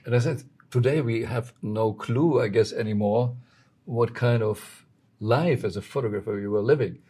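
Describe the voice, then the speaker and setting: A male interviewer with a dark, mellow and husky voice. He chats casually and nudges his guest along with short affirmations. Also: mid-range voice, normal speed.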